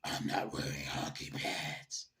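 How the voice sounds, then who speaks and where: A man doing an impression of a gruff male caped vigilante, speaking in a low gravelly growl. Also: slow, pushed and bright, far from the mic.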